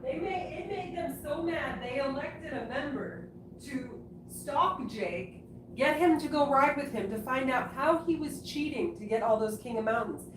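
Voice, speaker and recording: A woman's voice: high-pitched, lively intonation, unhurried. A woman chiming in casually to add details to her husband's stories. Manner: chimes in to finish his stories. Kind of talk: casual chat. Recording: very echoey room, far from the mic, noisy.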